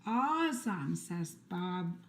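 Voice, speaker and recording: A woman reading children's picture books aloud in a slow, sing-song storytelling manner. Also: lowish voice, big pitch swings, slight background noise. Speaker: storybook reader.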